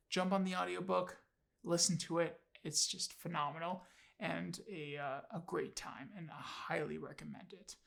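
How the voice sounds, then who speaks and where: A man's voice: on the high side, gravelly, fairly bright tone. A man casually reviewing an audiobook on his channel, enthusiastic and rambling, with many fillers and restarts.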